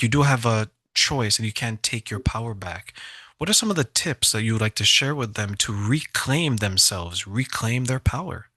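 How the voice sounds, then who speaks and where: A man hosting an interview, animated and jokey, asking his guest questions. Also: on the low side, no echo. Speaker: host. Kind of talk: interview conversation.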